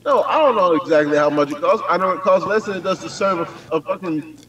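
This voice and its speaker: Higher-voiced man, wry and blunt. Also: fast talker, a bit bright, a little hiss or hum. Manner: wry, blunt, frequent swearing. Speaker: co-host. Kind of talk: casual reaction chat.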